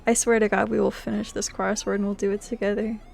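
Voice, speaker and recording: A young woman streaming live, chatting casually with her viewers, playful and laughing, swinging between loud outbursts and quiet mumbling. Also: mid-range voice, flat delivery, quick pace, vocal fry, soft background music. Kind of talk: casual live-stream chat while playing games.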